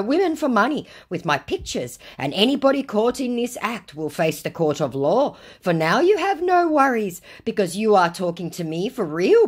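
A woman voicing a pushy, dim male romance scammer in a slow, high, exaggerated way. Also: husky.

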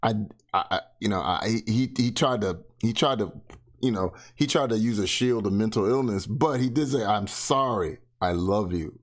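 A man's voice: on the low side, moderate pace. A man giving blunt, sarcastic casual commentary, swearing freely and keeping his voice down. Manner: talks softly. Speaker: reaction commentator.

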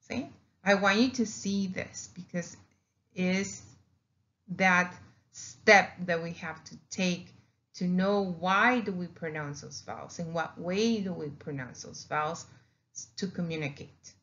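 Her voice on the low side but fairly bright, a woman slowly walks a class through the Spanish vowels, sounding each one out and repeating words. Spanish is her first language, and the classroom recording is dull and lo-fi.

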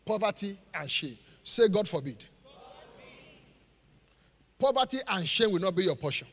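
High, lively pastor preaching live. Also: male voice, normal speed, slight background noise. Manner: call-and-response, leaves gaps for the congregation to finish verses; jokes and laughs with the congregation. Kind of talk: live sermon. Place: church auditorium. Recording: live church hall reverb.

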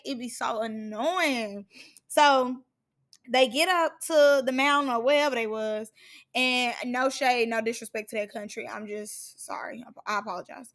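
Sassy high-voiced woman recapping reality TV. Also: measured pace. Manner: sassy, shady, animated, mocks cast members in put-on voices. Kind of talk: casual reality show recap rant.

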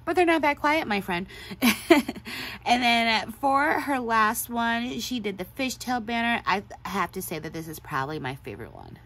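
A woman's voice: a little high, very animated, moderate pace, fairly bright tone. A woman hosting a craft video, gushing in a casual show-and-tell chat and laughing often. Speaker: craft channel host.

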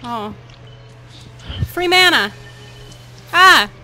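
A woman's voice: high-pitched, lively intonation, very slow, pushed and bright, faint music behind, poor audio. A woman hosting a co-op let's play, chatting casually, laughing and swearing playfully as she plays. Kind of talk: casual gameplay chat.

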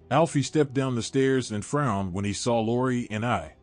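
A man giving a steady, measured scripted narration of a horror story. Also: medium pitch. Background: faint music.

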